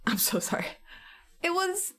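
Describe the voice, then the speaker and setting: A woman's voice: extremely high pitch, sing-song, unhurried, fairly bright tone. A young woman chatting casually with her viewers while painting, giggly and talking to them by name. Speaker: streamer.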